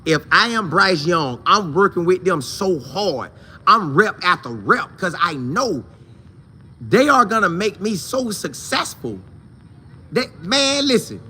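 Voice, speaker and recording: A man hosting a casual football talk show, animated and slangy, talking straight to his viewers. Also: high voice, takes it slowly, a little hiss or hum. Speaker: sports show host.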